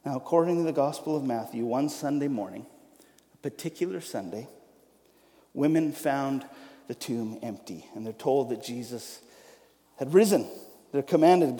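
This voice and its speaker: A man preaching an Easter sermon, reading scripture and then talking in a lively, joking way with frequent restarts. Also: medium pitch, moderate pace, long pauses. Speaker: pastor. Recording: long hall reverb.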